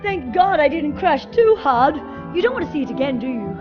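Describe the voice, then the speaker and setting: High, sing-song woman telling kids a story. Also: brisk, muffled recording, over music. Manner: animated, sing-song, addresses the children directly. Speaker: children's TV presenter in a fairy character. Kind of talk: storytelling to children.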